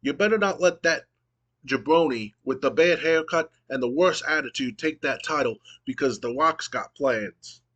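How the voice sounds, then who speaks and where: A man reading out a trash-talking promo as a boastful male pro wrestler who speaks of himself in the third person, in a higher, drawn-out voice. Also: a bit bright, dull audio.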